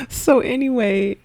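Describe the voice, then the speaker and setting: A woman's voice: on the high side, no room sound. A woman giving casual let's-play commentary on a life-sim game, chatty, slangy and giggly. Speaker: gaming video creator.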